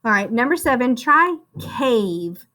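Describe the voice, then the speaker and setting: A woman teacher talks young children through a phonics spelling lesson, calling each child "friend". Her voice is high and bright. She speaks slowly, with big rises and falls. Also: big pitch swings. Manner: slow, sing-song, encouraging, calls the listener "friend".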